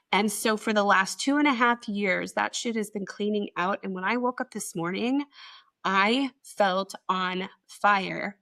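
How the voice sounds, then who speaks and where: Woman co-host, mid pitch, casual live-stream chat, animated and foul-mouthed, acts out quotes. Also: measured pace. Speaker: podcast co-host.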